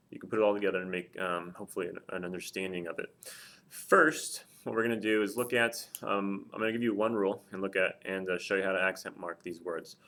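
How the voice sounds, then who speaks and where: A young man teaching at a board in a casual, explanatory way, often pausing with ums and repeating example words slowly. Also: fairly low pitch, fairly bright tone. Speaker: Spanish teacher. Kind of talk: classroom-style explanation at a board.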